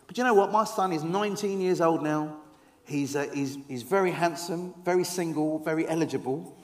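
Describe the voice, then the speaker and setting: Guy preaching, fairly high voice, funny stories then goes quiet and earnest, echoey hall. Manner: storytelling with humour, dropping to soft earnest tones. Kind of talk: sermon.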